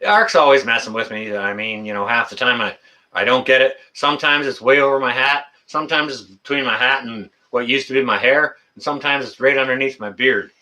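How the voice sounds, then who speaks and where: A man's voice: mid-range voice, a little fast, bright, forceful tone. A middle-aged man hosting a casual livestream, reading the chat in a folksy way, with lots of fillers and laughter.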